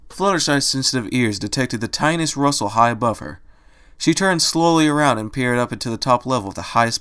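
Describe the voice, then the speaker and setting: A man reads a story aloud in a steady storytelling voice at an ordinary middle pitch, narrating the scene between the characters' lines. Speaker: reader. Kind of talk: reading fan fiction aloud.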